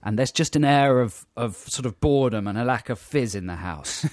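A man hosts a radio show and rambles through a story, stumbling over his words with amusement. His pitch moves a lot. The studio sound is close and dry. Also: expressive, normal speed, darkish tone, dry recording. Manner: hesitant, self-amused, rambling anecdotes. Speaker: radio host. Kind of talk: casual radio banter.

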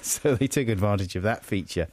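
A man's voice: on the low side, brisk, darkish tone, a little hiss or hum. A man co-hosting a comedy podcast, teasing his partner and drifting into rambling jokey asides. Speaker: radio and podcast co-host. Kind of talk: casual comedic banter.

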